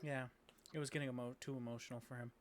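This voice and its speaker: A man's voice: mid-range voice, steady tone, rapid-fire, a crowd in the background. A man chatting casually and joking before running a tabletop game, swearing freely. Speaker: game master.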